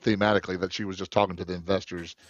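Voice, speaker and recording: A man's voice: low-pitched, little pitch movement, rapid-fire, no room sound, muffled recording. A man co-hosting a movie podcast in casual chat, rambling with many fillers and restarts. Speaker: podcast co-host.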